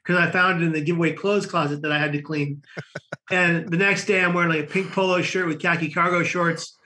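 A man, a guest on a talk show, telling a long personal story in an animated way with frequent laughs. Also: on the high side, a little fast. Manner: animated storyteller, laughing often, many restarts. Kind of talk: storytelling in conversation.

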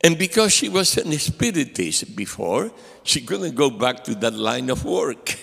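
A man's voice: mid-range voice, measured pace, creaky, husky. An older man preaching a sermon as a guest speaker, telling stories and acting out the dialogue in them. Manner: animated storyteller acting out quoted dialogue. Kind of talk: sermon with storytelling. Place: church sanctuary. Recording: long hall reverb.

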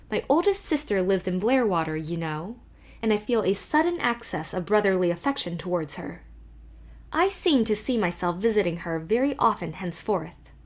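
A woman voicing a gentle, wry grown man in an audiobook, speaking fondly and softly. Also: lowish voice, natural voice.

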